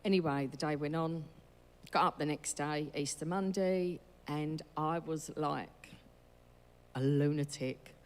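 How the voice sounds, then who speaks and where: A woman's voice: deep voice, a little slow. A woman telling her church testimony in a chatty, storytelling way, acting out the dialogue. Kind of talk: casual spoken testimony. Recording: long hall reverb.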